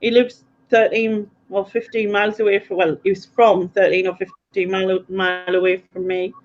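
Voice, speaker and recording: A person from North East England joining a casual live chat and explaining things quickly and plainly. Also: medium pitch, little pitch movement, highs cut off.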